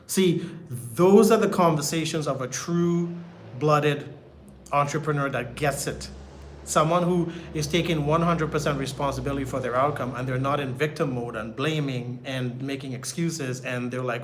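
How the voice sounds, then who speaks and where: Man, middle-aged, business mentor, emphatic motivational delivery with repeated key lines, slightly high voice. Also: brisk, fairly bright tone. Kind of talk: motivational talk.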